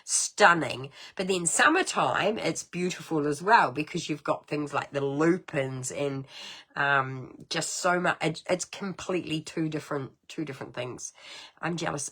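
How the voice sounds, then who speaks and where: A middle-aged woman with a New Zealand accent hosting a casual card-making livestream, chatty and rambling, with sudden high exclamations. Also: measured pace, fairly bright tone, slightly rough. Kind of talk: casual craft livestream chat.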